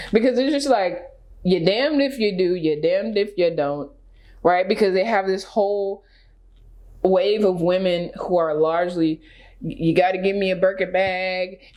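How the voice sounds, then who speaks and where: Emphatic woman vlogger ranting. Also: lowish voice. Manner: emphatic, full of rhetorical questions, animated. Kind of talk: casual reaction commentary.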